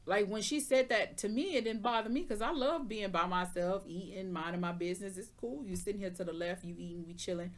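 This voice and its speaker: A sassy woman reading tarot cards talks right at the listener in loose, slangy chat. Her voice sits at an ordinary middle pitch for a woman. She keeps checking in with "okay?" and "you understand?" as she goes. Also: brisk, hardly any pauses. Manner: sassy, chatty, talks straight to the viewer with slang. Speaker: tarot reader. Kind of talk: casual spoken tarot reading.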